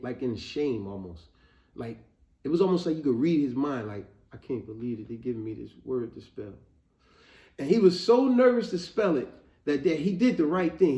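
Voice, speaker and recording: A man hosting an educational video, telling history in a casual, animated way and calling his viewers family. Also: fairly high pitch. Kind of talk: casual spoken history lesson. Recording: roomy, slightly muffled home recording.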